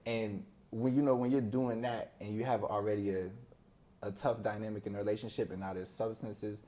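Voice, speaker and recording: A young man, a podcast guest, telling stories from his childhood in a casual, animated way, acting out other people's voices and laughing often. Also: fairly low pitch, a little fast. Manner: animated storyteller who acts out friends' voices. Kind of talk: casual storytelling interview.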